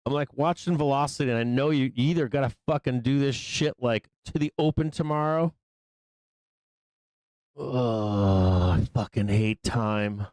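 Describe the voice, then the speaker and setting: A man hosting a live trading stream, swearing and impatiently yelling at the price chart, with excitable bursts and frequent laughs. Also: medium pitch, a little slow, no room sound. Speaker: live trading show host. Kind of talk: live-stream market commentary.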